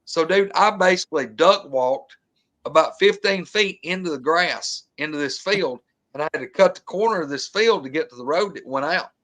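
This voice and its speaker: A man with a drawl recounts a tense outdoor encounter in relaxed, colloquial talk. His voice sits somewhat high for a man. He gets animated and imitates the sounds he describes. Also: normal speed. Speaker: guest telling an encounter story. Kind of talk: casual storytelling.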